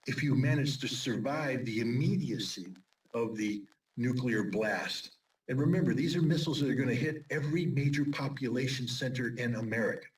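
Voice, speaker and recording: A man's voice: mid-range voice, normal speed. A man as an interview guest, giving urgent, emphatic warnings in a commentary style. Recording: distant mic with faint noise.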